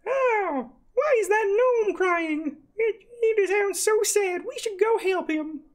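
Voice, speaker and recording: A game master voicing a friendly magic cloak that speaks in a gentle, caring way. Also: very high voice, slow, pitched above the performer's own voice. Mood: concerned. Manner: gentle, kindly, concerned.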